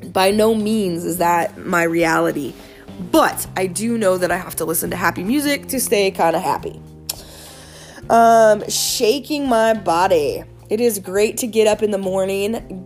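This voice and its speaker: A woman giving casual wellness advice in an earnest, animated, chatty way, with many fillers. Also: fairly low pitch. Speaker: wellness speaker.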